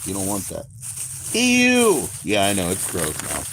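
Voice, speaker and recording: An American man talks loosely to his chat, his voice sitting low and easy. He rambles and swears freely in a relaxed, joking way. A faint hiss of noise sits under the recording. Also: a little fast, vocal fry. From United States. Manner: rambling, profane, laid-back banter. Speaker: livestream host. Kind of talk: casual livestream chat.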